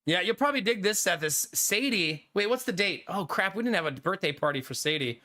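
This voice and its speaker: A male streamer with a high, bright voice chats loosely with his live viewers. He keeps things easygoing and breaks into laughter often. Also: lively intonation, brisk. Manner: laid-back and chatty, laughing often. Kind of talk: casual chat with live viewers.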